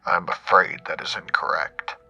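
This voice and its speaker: A man voicing a sinister male caller on a phone line, with a deep, booming voice and a cold, formal, taunting manner. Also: normal speed, sharp tone, soft background music. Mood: ominous.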